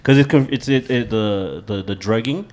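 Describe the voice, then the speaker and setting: A man co-hosting a casual family podcast chat, talking quickly with plenty of swearing, his voice often dropping quiet at the end of a thought. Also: on the low side. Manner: fast, profane, trails off quietly. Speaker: podcast co-host.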